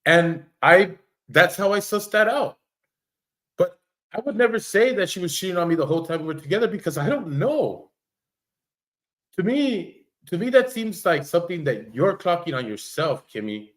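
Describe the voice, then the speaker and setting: A man's voice: sits high, very animated, moderate pace, a bit bright. A man doing casual livestream commentary, blunt and rambling, swearing freely and restarting his sentences.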